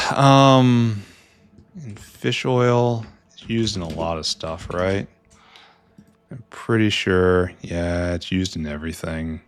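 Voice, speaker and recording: Low-voiced man muttering through a game. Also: no room sound. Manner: rambling, self-talking, wry asides, trails off to mutters. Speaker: gameplay streamer. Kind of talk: casual let's-play commentary.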